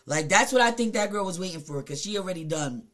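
A woman live streamer telling a blunt, profane story to her chat at home, her voice swinging between hushed and loud. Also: fairly low pitch, animated, fast talker. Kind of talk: casual confessional storytelling to chat.

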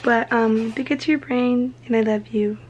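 A young woman vlogging at home, loud, giggly and chatty with plenty of swearing, her voice hoarse after days of drinking. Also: fairly high pitch, fairly even intonation, moderate pace, slight background noise, low-quality recording. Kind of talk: casual vlog chat.

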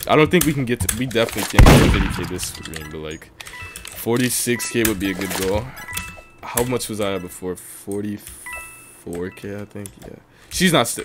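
A man streaming a video game and chatting with viewers, excitable and quick to yell, his voice a little strained from talking for so long. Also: fairly low pitch. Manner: excitable, breaks into yelling and laughing bursts. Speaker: streamer host. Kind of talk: casual gaming livestream commentary.

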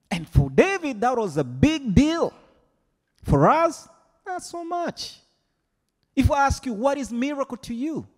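Animated preacher in a reverberant hall. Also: male voice, very high voice, a little slow. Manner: animated preaching, mimics congregation voices. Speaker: pastor. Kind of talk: sermon. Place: large church hall.

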